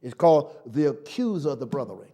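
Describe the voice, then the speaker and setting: A man with a Southern accent preaching a sermon in call-and-response style, swinging from quiet asides to loud exclamations. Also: medium pitch, big pitch swings, fairly quick, highs cut off.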